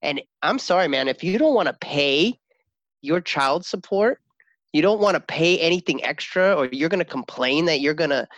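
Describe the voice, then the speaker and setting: A man chatting casually about his kids, rambling and animated, often laughing and acting out his daughter's lines. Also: fairly high pitch, moderate pace, dry recording, dull audio. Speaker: father, co-host. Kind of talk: casual podcast chat.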